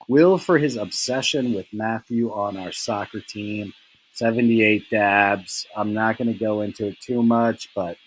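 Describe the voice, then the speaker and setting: On a low-quality recording, a young man with a lowish, slightly breathy voice runs a laid-back fantasy football recap. He teases his friends and wanders through his points, filling the gaps with plenty of "like" and "um."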